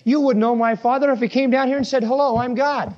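A man's voice: extremely high pitch, steady tone, quick pace, dull audio. A man preaching a sermon verse by verse, emphatic and full of rhetorical questions.

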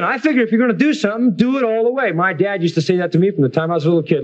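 Male Bible preacher, fairly high voice, animated sermon, dull broadcast sound. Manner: lively preaching, swings between slow emphatic quotes and quick asides. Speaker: Bible teacher.

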